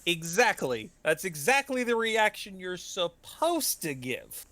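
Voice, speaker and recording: A man's voice: sits high, very animated, takes it slowly, sharp tone, no room sound. A man running a tabletop game as game master, narrating with many ums and uhs. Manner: hesitant, full of ums and uhs.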